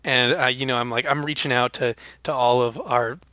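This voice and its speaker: A man's voice: medium pitch, steady tone, normal speed, sharp tone, dry recording. A young man co-hosting a podcast, rambling through silly jokey bits in casual chat. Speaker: podcast co-host.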